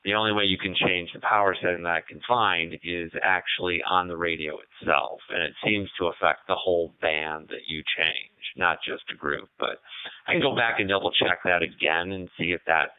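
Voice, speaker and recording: Deep-voiced man on a tinny radio link. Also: normal speed, clean tone, no echo. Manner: relaxed, thoughtful, hesitant with many fillers. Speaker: ham radio operator calling in. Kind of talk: casual radio chat.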